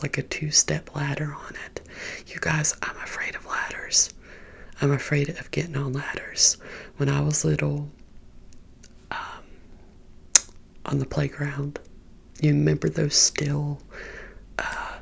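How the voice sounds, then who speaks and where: A woman with a Southern US accent whispers a rambling ASMR story close to the microphone, confiding in her viewers. Her voice is airy and breathy, with heavy gravelly fry underneath, and she takes her time. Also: low voice. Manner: confiding, rambling, talks to viewers as "you guys". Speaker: ASMR creator.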